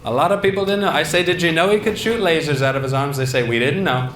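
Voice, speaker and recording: A man putting on a boastful male politician who rambles and repeats himself in a bragging cadence. The voice sits a little high. The hall around him echoes, with noise behind it. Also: quick pace, a bit bright, natural voice.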